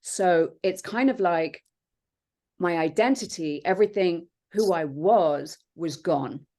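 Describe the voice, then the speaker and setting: A woman, a podcast guest, telling her own story in an earnest, reflective way with many pauses and fillers. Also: lowish voice, warm tone. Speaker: podcast guest, transformation coach. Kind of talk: personal storytelling in conversation.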